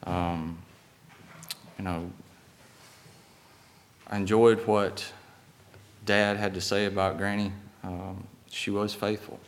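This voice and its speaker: Hoarse low-voiced preacher. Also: male voice, flat delivery, a little hiss or hum. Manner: halting, many fillers and restarts. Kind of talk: sermon. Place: church.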